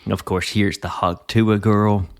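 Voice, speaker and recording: A man's voice: fairly low pitch, flat delivery, measured pace, smooth. A man hosting a podcast in casual chat with a Southern US accent, thoughtful, with small laughs. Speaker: podcast host.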